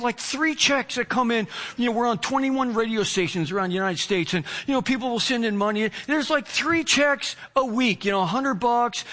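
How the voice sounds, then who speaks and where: Male pastor, very high bright voice, animated storytelling sermon. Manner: animated storyteller, acts out quotes.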